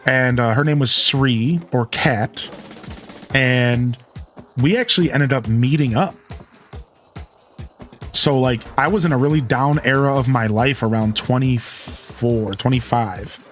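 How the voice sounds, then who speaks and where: A man in his thirties chats casually on his live game stream. He tells candid, rambling stories with many restarts, in a middle-pitched voice. Quiet game music plays underneath him. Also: unhurried. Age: 30s. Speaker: live streamer and show host. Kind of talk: casual chat while playing a game on stream.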